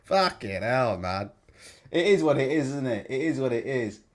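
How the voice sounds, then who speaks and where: A man's voice: mid-range voice, big pitch swings, normal speed. A man hosting a casual live stream, blunt and sweary, laughing as he reads out chat comments. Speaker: livestream host.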